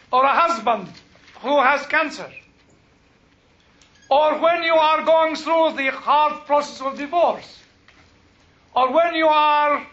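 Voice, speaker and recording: A man's voice: extremely high pitch, sharp tone, dull audio. A man speaking as a rabbi to a group, chatty and joking, often asking the audience questions. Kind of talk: informal talk with jokes.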